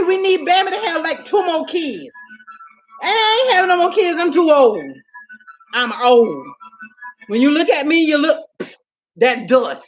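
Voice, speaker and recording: A sassy, high-voiced woman vlogger chats casually with her live-stream audience via a phone camera. She's animated and laughs often, calling viewers "honey" and "girl." The sound is lo-fi.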